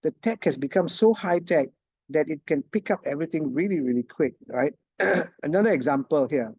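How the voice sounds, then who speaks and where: A man's voice: a little high, expressive, moderate pace, a little mellow, slightly rough, no room sound, highs cut off. A man giving a casual online lecture, chatty and laughing often, checking in with his students. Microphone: video call.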